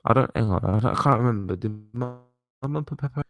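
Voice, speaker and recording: A man's voice: medium pitch, quick pace, a bit bright. A young man hosting a casual rambling chat, swearing casually and often laughing. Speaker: host.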